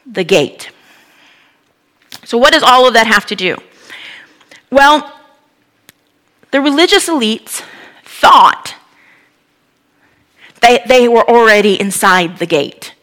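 A woman preaches with a bright, fairly high voice. She retells the story in a lively, conversational way and breaks in with asides to the listener. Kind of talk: sermon retelling a Bible story.

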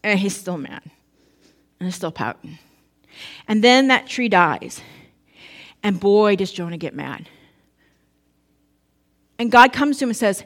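A woman pastor preaching in a relaxed, conversational way. Her voice is slightly high, and she mixes storytelling with quick joking asides to the congregation. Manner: casual storytelling with asides and humor. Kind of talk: sermon.

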